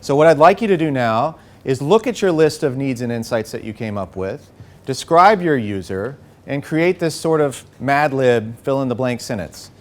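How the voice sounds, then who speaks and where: A man leading a live workshop, coaching the group with an energetic manner and frequent "okay?" and "right?" check-ins. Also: mid-range voice, normal speed. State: a bit out of breath. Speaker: workshop facilitator. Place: workshop room.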